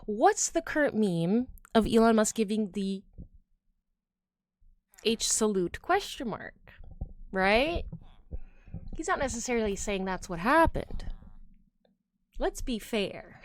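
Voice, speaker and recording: A woman streamer chatting casually with her chat while crafting, rambling with fillers and trailing off into quiet mutters as she works. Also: a little high, very animated, slow pace, long pauses. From United States.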